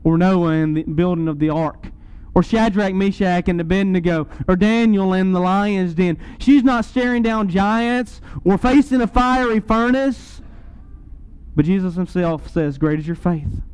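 A man's voice: high-pitched, a little slow, a little mellow, clear, resonant tone, rough recording. A man preaching a sermon, earnest and rising to emphatic peaks.

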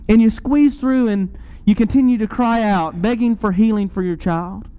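Smooth high-voiced male preacher. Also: moderate pace, few pauses, dark tone, low-quality recording. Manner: earnest, rising to emphatic peaks. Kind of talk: sermon.

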